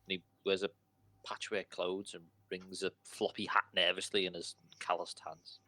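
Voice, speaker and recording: A man narrating a tabletop game as dungeon master, in a relaxed, chatty way. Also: low-pitched, normal speed.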